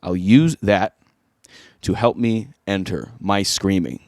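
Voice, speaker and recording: A man's voice: deep voice, slow pace, darkish tone, no echo, clean studio sound. A man giving a casual, easygoing singing tutorial as a vocal coach.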